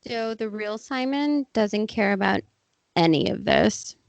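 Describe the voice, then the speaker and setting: A woman's voice: medium pitch, animated, a little slow, creaky, no echo. Wry woman podcast co-host. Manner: wry, crude jokes. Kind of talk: casual podcast chat.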